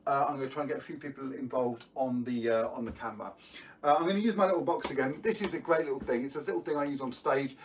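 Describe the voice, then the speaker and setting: A man's voice: mid-range voice, quick pace. Male magician, middle-aged, rambling self-mocking patter, set back from the mic, faint background hum. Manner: chatty, self-deprecating storytelling with filler words. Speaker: magician performer. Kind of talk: live-streamed magic and comedy patter. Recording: distant mic, faint room noise.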